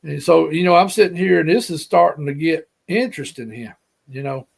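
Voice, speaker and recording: A man's voice: fairly high pitch, fairly quick, gravelly, breathy edge. A man with an Alabama Southern accent, a guest telling a story in a casual, folksy, rambling way and repeating himself.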